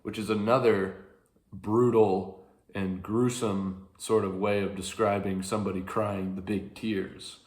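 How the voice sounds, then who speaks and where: Slow, lowish man in an echoey room. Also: little pitch movement, darkish tone. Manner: rambling, self-correcting, with dry asides. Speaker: teacher retelling a classic epic. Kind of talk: casual lecture retelling.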